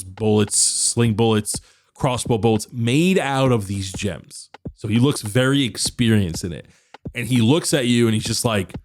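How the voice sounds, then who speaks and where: A man's voice: mid-range voice, slight background noise. A man acting as game master, narrating a tabletop game in a casual, descriptive way.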